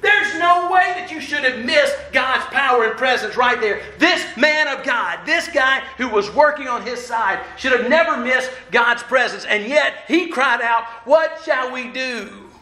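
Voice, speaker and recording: Bright-voiced preacher in an echoey church. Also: male voice, extremely high pitch, unhurried, hardly any pauses. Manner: animated preaching, acts out quoted voices. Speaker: pastor. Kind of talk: sermon. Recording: roomy church echo.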